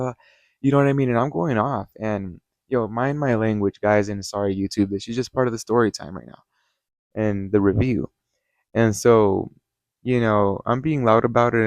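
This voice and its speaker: A man's voice: fairly low pitch, no echo. A man hosting his channel, telling a casual story-time review in a rambling, worked-up way, with lots of swearing and "you know". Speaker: channel host.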